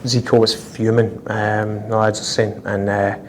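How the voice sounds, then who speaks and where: A man's voice: fairly low pitch, a little hiss or hum. A Scottish man in his thirties with a Glasgow accent, telling stories in an interview, chuckling and acting out other people's lines. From Scotland. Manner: lively, chuckling, acts out others' lines in quick quoted voices. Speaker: professional footballer, guest. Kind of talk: anecdotal storytelling in an interview. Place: office high in a city tower.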